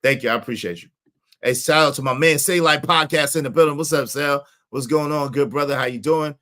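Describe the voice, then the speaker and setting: A man with a bright, slightly high voice runs a casual live stream. He talks to his viewers in a loose, chatty way, thanks them one by one and says the same phrases several times over. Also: a little fast. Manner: chatty, repeats phrases, gives shout-outs. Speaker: stream host reacting to clips.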